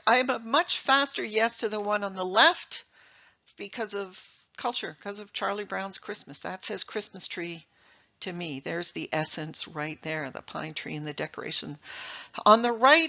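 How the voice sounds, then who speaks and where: Middle-aged woman presenter, emphatic, quizzing the audience, bright tone, slightly muffled recording. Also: mid-range voice, moderate pace. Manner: lively, emphatic, rhetorical questions. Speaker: speaker giving a talk on English.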